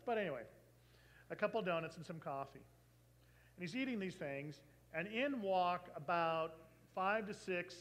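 A man preaching, telling a long story and acting out the people in it with lively changes of voice. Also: on the high side, poor audio. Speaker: pastor. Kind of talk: sermon storytelling.

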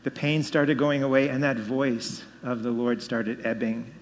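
A man in his fifties giving a personal faith testimony, telling it with animated storytelling and rising emphasis. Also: mid-range voice, measured pace. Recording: long hall reverb.

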